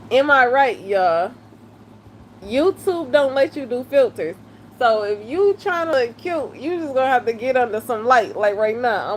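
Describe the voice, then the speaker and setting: A woman's voice: on the high side, slight background noise. A woman, chatting casually and laughing often during a live stream. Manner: laughing, chatty, drawn-out exclamations.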